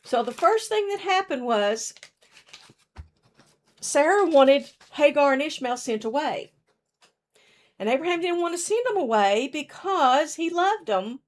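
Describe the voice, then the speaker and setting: A woman's voice: high voice, expressive, unhurried, pauses often. A woman leading a children's story hour in a church, retelling a story while acting it out with her fingers and showing a craft.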